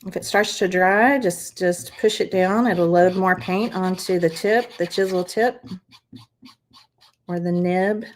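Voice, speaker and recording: A woman's voice: lowish voice, a little slow. A woman hosting a live craft stream, chatting as she demonstrates each step. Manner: chatty, encouraging, talks viewers through each step. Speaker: craft channel host.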